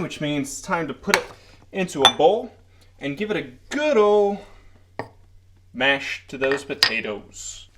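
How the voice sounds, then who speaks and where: A man's voice: on the high side, fairly bright tone, a little hiss or hum. A man narrating a cooking vlog in a playful, mock-earnest way, hyping up strange dishes as he makes them. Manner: playful, mock-earnest, hypes up bad food. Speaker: cooking vlogger.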